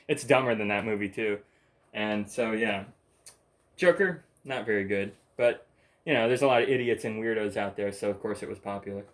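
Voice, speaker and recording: A man's voice: lowish voice, normal speed. A man hosting his own channel, talking alone in a rambling, blunt, profane rant and laughing between points. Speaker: channel host. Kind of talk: rambling ranting monologue.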